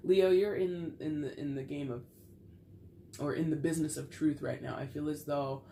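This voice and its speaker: A woman's voice: low-pitched, steady tone, normal speed, creaky, warm tone. Woman tarot reader, getting over a cold, chatty, playful, faint background noise. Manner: chatty and playful, with frequent laughter. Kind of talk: casual tarot reading to camera.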